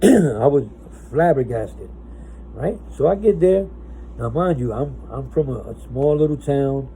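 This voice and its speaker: A man recounts his past in a casual, meandering way, restarting his sentences and checking in with "right?". His voice is dark and gravelly. Faint noise hums in the background. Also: medium pitch, animated, a little slow, poor audio. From New Jersey, US. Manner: rambling, with many restarts and "right?". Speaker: former inmate telling his story. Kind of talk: casual storytelling.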